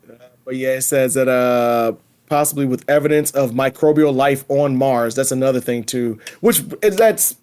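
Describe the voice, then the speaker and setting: A man's voice: medium pitch, moderate pace, smooth. A man hosting a casual podcast, reading predictions aloud and riffing on them with laughs and slang. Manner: animated, laughing, reads predictions aloud then riffs. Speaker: podcast host.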